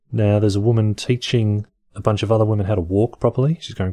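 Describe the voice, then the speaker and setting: Male host reading articles aloud with wry offhand jokes; deep, dark voice recorded dry and close. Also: fast, no echo. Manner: dry, wry, mildly profane commentary. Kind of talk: casual reading with offhand comedic asides.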